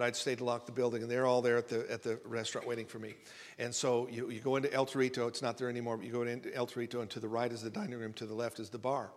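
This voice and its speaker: A male pastor preaches in a folksy, storytelling way, circling back and repeating words as he builds a point. His voice sits at an ordinary middle pitch. It carries the long reverb of a church sanctuary. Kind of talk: conversational sermon with storytelling. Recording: reverberant hall sound.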